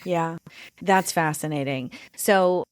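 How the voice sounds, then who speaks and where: A woman's voice: deep voice, slow, dry recording. A woman in her thirties hosting a parenting podcast, talking casually and filling her speech with "you know" and "like". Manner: chatty, frequent fillers like "you know" and "like". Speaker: podcast host. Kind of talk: casual conversational interview.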